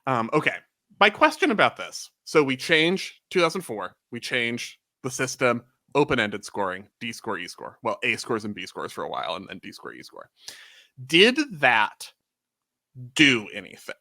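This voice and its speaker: A man's voice: medium pitch, big pitch swings, normal speed, vocal fry, pushed and bright, no echo. A man co-hosting a podcast, chatting casually and teasing his co-host. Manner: wry, teasing. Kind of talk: casual chat.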